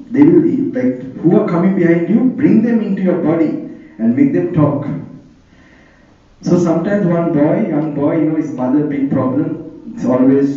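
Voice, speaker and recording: A man's voice: mid-range voice, warm tone. A Buddhist monk with a Sri Lankan accent gives an informal sermon in English. His first language is Sinhala, and his talk wanders from point to point with frequent chuckles. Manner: chatty and digressive, chuckling often. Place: hall on tour. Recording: roomy, distant, lo-fi hall recording.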